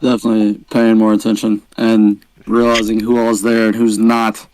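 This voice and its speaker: A man's voice: on the low side, monotone, normal speed, darkish tone, poor audio. A man in a casual group chat, bantering and laughing as he defends himself.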